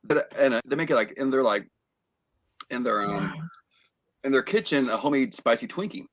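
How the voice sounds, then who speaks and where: A man's voice: medium pitch, moderate pace, dry recording, dull audio. A man telling a rambling story as a guest on a podcast, full of fillers and restarts. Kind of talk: casual chat on a call.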